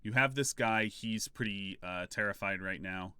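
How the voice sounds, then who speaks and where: A man narrating a tabletop game as game master, in halting, filler-heavy speech. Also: fairly low pitch, pushed and bright, clear, resonant tone, dry recording.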